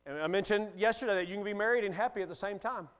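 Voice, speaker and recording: A man's voice: high voice, rapid-fire, a bit bright, clean tone. A middle-aged male guest preacher delivering a sermon in a folksy, joking manner.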